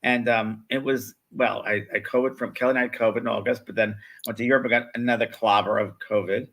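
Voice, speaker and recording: A man's voice: lowish voice, steady tone, fast talker, fairly bright tone. A man in his sixties, co-hosting a live spiritual show, telling stories in a chatty way and acting out what people said. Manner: chatty storyteller, acts out quoted voices. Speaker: co-host, spiritual medium. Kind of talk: casual chat.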